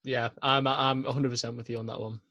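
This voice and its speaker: A young British man hosting a casual interview podcast, relaxed and agreeable, laughing easily. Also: mid-range voice, fairly quick. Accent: British English. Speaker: podcast host.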